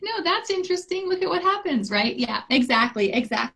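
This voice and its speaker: A woman's voice: very high voice, sing-song, a little fast, fairly bright tone. A woman hosting an interview, talking in a conversational way and vividly imitating parents in her examples. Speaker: interviewer and practitioner. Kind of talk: casual interview talk.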